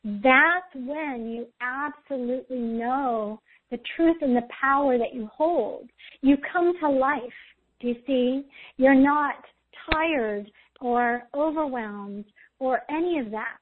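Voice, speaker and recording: A woman's voice: high-pitched, takes it slowly. A woman host giving intuitive spiritual readings in a soothing, guiding way, often checking in with "okay?", over a tinny line. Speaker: intuitive reader, show host.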